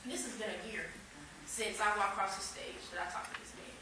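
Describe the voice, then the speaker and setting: A young woman preaching a sermon, telling personal stories and rising to loud, excited outbursts. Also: medium pitch, fairly quick. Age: young adult. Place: church sanctuary. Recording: echoey church from far off, noisy. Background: congregation responding.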